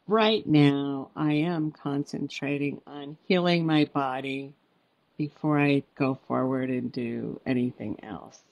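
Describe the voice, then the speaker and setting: A woman guest author on a podcast tells warm, heartfelt personal stories, acting out what family members said in quoted dialogue. Her voice is low, and the recording has no room sound.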